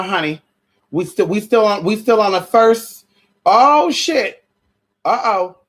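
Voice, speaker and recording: Profane sermon rant, sassy, honey and girl, stammering restarts, ow shouts, slow scripture reading, tired. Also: medium pitch, expressive. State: tired and sweaty. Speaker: vlogger preaching to viewers.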